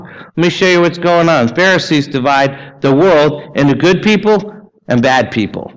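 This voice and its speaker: A man, preaching a sermon in a conversational way, asking the congregation questions and adding casual asides. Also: a little high. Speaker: pastor. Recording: dull lo-fi sermon recording.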